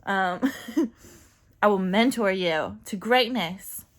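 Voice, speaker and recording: A woman's voice: mid-range voice, takes it slowly. A woman talking casually and candidly in a personal vlog, full of fillers and asides. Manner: chatty and candid, many fillers, laughs often. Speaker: vlogger.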